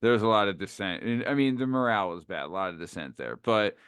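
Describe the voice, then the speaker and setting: A man co-hosting a podcast, chatting in a relaxed, agreeable way. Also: fairly low pitch, fast talker, clean tone, dry recording, clean studio sound. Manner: relaxed, agreeable, many fillers. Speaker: podcast co-host. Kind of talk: casual podcast chat.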